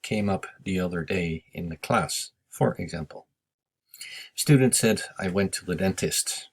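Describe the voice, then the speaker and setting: Male English teacher with a deep, unhurried delivery, patient and explanatory. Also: gravelly, husky. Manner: slow, patient explaining with Japanese glosses. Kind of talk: recorded lesson review.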